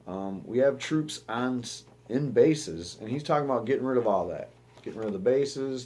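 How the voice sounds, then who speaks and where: Man from the United States, lowish voice, casual news commentary, cursing, rambling with restarts. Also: a little mellow. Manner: profane, rambling, with restarts and fillers. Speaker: show host.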